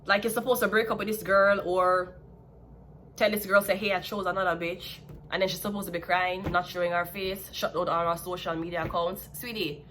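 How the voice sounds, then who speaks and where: A woman's voice: on the low side, fairly even intonation, brisk, a bit bright, slight background noise. A woman with a Jamaican accent giving a blunt, sassy, casual tarot reading. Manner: blunt, sassy, laughs at her own jabs. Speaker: tarot reader.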